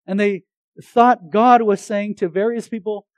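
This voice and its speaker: A man preaching a sermon to a congregation, swinging between loud emphatic lines and hushed earnest ones, with light jokes between points. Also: sits high, steady tone, moderate pace, no echo, poor audio.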